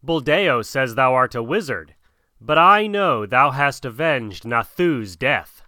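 A man's voice: medium pitch, animated, slow, bright, forceful tone, dry recording, clean studio sound. A man voicing an anxious village mother who pleads urgently with her son. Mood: pleading.

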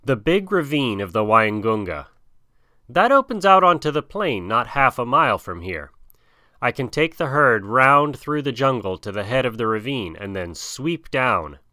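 A man's voice: medium pitch, very animated, normal speed, sharp tone, no echo, studio quality. A man voicing a bold young jungle hero who gives orders in old-fashioned thou speech. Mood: commanding. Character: bold jungle boy leading wolves and herd.

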